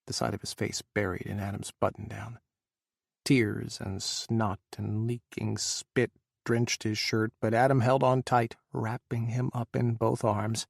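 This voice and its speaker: A man narrating an audiobook, with slow, dramatic emphasis on emotional passages. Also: fairly low pitch, creaky, dry recording, studio quality.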